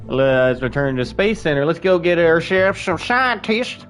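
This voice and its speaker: A man's voice: fairly high pitch, animated, moderate pace, fairly bright tone. A man casually commenting while he plays a game on a live stream, rambling and playful, with asides to his chat. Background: faint music.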